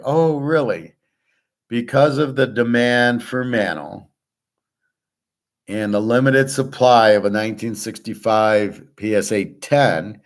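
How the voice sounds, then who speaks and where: A man delivering a blunt, profane monologue about markets, restarting and trailing off often. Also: mid-range voice. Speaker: sports betting and markets commentator. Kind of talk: ranting monologue.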